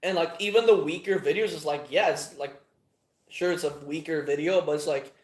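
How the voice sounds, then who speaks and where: A man talking casually in a rambling monologue, swearing often and trailing off with plenty of fillers. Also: on the high side. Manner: profane, meandering, halting with many fillers. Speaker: channel host. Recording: echoey room.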